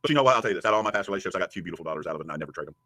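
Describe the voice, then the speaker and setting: A man's voice: sits low, animated, racing, sharp tone, dry recording. A man giving a crude, taunting rant as a streamer answering a critic. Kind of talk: profane ranting commentary.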